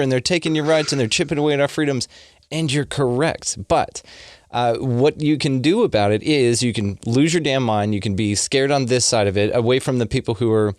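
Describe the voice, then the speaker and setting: A man hosts a podcast in a relaxed conversation. He speaks in an emphatic, conversational way, drops the odd swear word and sounds dry and close to the mic. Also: medium pitch, no echo. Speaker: podcast host. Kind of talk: casual conversation.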